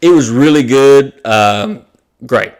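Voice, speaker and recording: This podcast host takes it slowly in a mid-range voice while telling a long, casual story. He swears freely and gets animated, performing the dialogue of the people involved.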